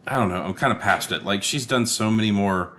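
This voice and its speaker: A man with a very low, deep voice talks through a movie in relaxed podcast banter. He sounds tired and a little sleepy, drops swear words casually, and lets his sentences trail off before finishing them. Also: brisk. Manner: laid-back, swears often, trails off mid-thought. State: tired and yawning late at night. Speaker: podcast co-host. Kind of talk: casual movie-review chat.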